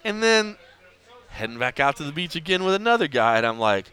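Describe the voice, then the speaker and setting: A man's voice: a little high, big pitch swings, a little fast, pushed and bright, clear, resonant tone. A man hosting a podcast, telling a story in casual chat and acting out the dialogue with lots of energy. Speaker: podcast host.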